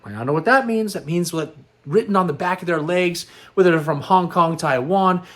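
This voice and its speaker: Chatty middle-aged guy, kinda high voice, tired and a bit worn out, rambles along upbeat. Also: moderate pace. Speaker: host. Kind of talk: casual vlog chat.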